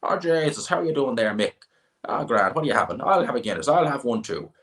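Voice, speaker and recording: A high, sing-song old Midlands Irish farmer, as a man puts him on for a livestream bit, blunt and nosy, trading pub gossip. The voice sits well above the speaker's own low register, and the brogue is laid on thick. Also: very animated, brisk, a bit bright. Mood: gossipy. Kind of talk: comic impression on a livestream.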